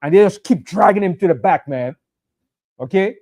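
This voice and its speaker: High-voiced man preaching with fire. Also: expressive, moderate pace, darkish tone. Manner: fiery, conversational preaching with emphatic repetition. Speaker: pastor. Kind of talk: sermon.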